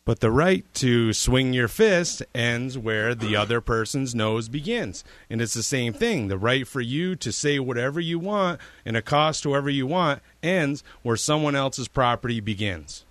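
A man's voice: medium pitch, lively intonation, unhurried, few pauses, fairly bright tone. A man making an argument on a talk radio show, using an analogy.

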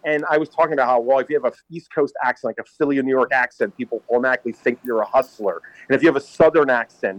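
A man's voice: medium pitch, no echo. A man co-hosting a casual political talk show, rambling and emphatic as he tells stories. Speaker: podcast co-host. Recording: dull dry lo-fi sound.

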